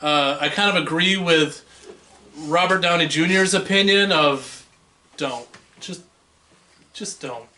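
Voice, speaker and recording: A man's voice: on the high side, slow pace, pauses often, sharp tone. A man co-hosting a casual movie podcast, rambling and laid-back, a bit tipsy. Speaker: podcast co-host.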